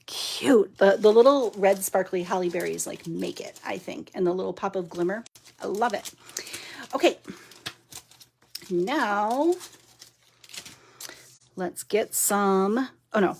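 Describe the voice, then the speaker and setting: A woman's voice: mid-range voice, takes it slowly, vocal fry, pauses often, darkish tone, breathy edge. A chatty, giggly woman talking to her viewers while she works on a papercraft project during a live stream. She says she is overtired and punchy. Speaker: papercraft demonstrator. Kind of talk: live-stream crafting chat.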